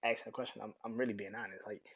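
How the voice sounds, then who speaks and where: Husky young man rambling on a podcast. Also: fairly low pitch, fairly even intonation, rapid-fire, fairly bright tone. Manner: rambling, swears freely, frequent restarts. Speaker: podcast host. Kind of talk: casual solo podcast talk. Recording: dull lo-fi sound.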